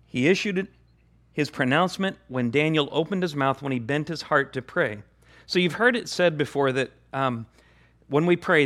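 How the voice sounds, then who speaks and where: Male pastor, sermon, earnest and emphatic, repeats key phrases, somewhat high voice. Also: normal speed, fairly bright tone.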